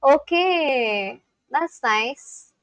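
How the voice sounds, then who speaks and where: A woman's voice: sits high, animated, very slow, fairly bright tone, smooth, no room sound, low-quality recording. A woman chatting on a live stream, saying phrases aloud and then translating them. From India (Kolkata, West Bengal). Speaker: streamer learning a language. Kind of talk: casual live-stream chat.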